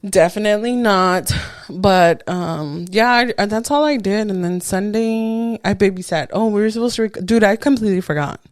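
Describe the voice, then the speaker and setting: Speaking at a moderate pace with a medium-pitched voice, a female podcast co-host tells stories in relaxed conversation. She's an animated storyteller who performs the quotes herself, and the studio sound is clean and echo-free.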